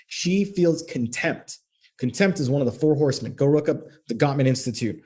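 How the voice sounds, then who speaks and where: A man's voice: mid-range voice, expressive, moderate pace, mellow, husky. A man giving direct, profane relationship coaching as he walks through a text exchange. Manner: direct, profane, reads quoted texts aloud.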